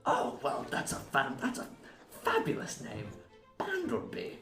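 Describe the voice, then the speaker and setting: A man's voice: wildly swooping pitch, measured pace, fairly bright tone, reverberant, faint music behind, full character voice. A man voicing a naive, amnesiac automaton in a tabletop game, stammering and full of wonder. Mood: delighted. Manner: wondering, stammering, swooping pitch. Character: naive amnesiac male automaton, curious and chatty. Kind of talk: tabletop role-play.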